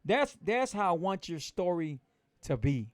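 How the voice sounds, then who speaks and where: A man's voice: sits high, sing-song, a little slow, no echo. A man coaching his viewers on a keto lifestyle in a casual livestream pep talk, motivational and repetitive.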